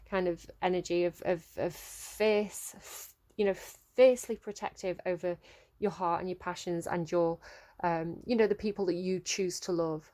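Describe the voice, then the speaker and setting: A woman giving an emotive tarot reading, speaking gently and pausing to search for words. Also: fairly low pitch. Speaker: tarot reader.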